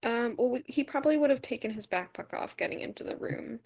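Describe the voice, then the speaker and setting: A woman's voice: fairly high pitch, expressive, fast, vocal fry, darkish tone. A woman playing her character in an online tabletop game, talking hesitantly and asking rules questions. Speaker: player. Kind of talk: tabletop game play, casual chat.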